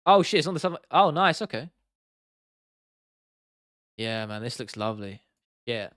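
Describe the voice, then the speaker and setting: A man's voice: medium pitch, lively intonation, moderate pace, fairly bright tone, dry recording, clean studio sound. Casual English man chatting on stream. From England. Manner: casual and chatty, swears freely, reads chat aloud. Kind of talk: casual live stream chat.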